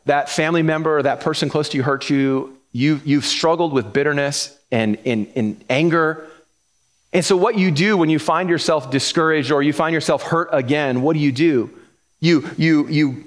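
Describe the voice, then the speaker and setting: A pastor preaching a conversational sermon, animated, often acting out quoted voices and repeating words as he builds a point. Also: on the high side.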